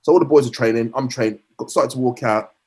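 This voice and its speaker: A middle-aged man talks quickly, telling a long stretch of football stories. His pitch sits in the middle of the male range. He keeps restarting his sentences and slips into voicing the people he quotes. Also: darkish tone. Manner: rambling anecdotes with frequent restarts and acted quotes. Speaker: former footballer guest. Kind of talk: storytelling in a podcast interview.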